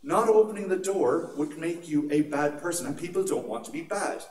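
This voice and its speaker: An Irish man gives a humorous security talk in a large conference atrium, his fairly high, darkish voice moving at a moderate pace. He's jokey and conversational, often tossing in "right?" asides, and his words echo through the hall from some distance over a faint room hum.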